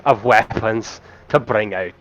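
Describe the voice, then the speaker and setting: A man's voice: on the low side, slow pace, a bit bright, muffled recording, slight background noise. A man co-casting a game match as a guest player, with dry remarks and frequent swearing. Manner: dry, crude, swears often. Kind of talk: casual game commentary.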